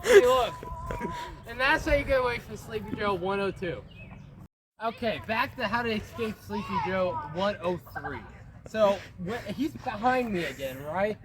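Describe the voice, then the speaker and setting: A man's voice: sits high, expressive, moderate pace, crowd noise. A man giving a joking mock tutorial outdoors on a playground, playful and giggly, filmed on a phone. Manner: playful, giggly, over-the-top. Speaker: vlogger. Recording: noisy outdoor phone recording.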